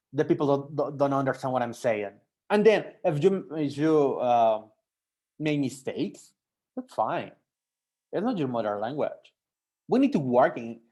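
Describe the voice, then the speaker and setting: A young Mexican man talks to language learners in English, his second language, with a Mexican accent. His delivery is halting, full of restarts and fillers as he searches for words. His voice sits at a middle pitch for a man. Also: darkish tone. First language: Spanish. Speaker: French teacher. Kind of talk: personal talk to language learners.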